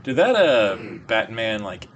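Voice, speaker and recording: A man's voice: lowish voice, very animated, measured pace, lo-fi sound, slight background noise. Dry-witted male podcast co-host. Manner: dry quips, short interjections. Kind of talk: casual chat.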